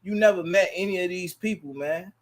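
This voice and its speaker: A man's voice: high voice, fairly quick. A man hosting his livestream, talking casually and preachily and repeating his phrases, into a laptop mic. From Chicago. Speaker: livestream host.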